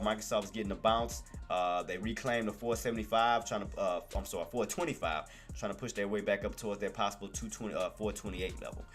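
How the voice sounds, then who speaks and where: Man, live market commentary, hurried and repetitive, lowish voice, faint background music. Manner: hurried, repeats himself, addresses chat as "guys". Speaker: stock trading livestream host.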